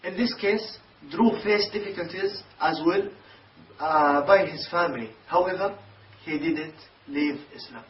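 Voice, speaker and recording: A man reading scripted documentary narration in an even, measured way. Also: a little high. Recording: distant echoey dull recording with hiss.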